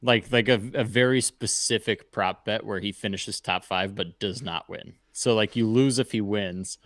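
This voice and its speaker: A man co-hosting a sports betting show, talking casually and explaining bets in a measured, reasonable way. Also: on the low side, a bit bright, dry recording, clean studio sound.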